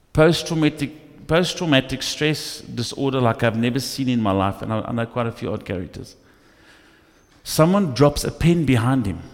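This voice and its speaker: A male pastor preaching a sermon, telling stories with lively acted asides in a church. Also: mid-range voice. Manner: animated storytelling with acted asides. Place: church hall. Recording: echoey church hall.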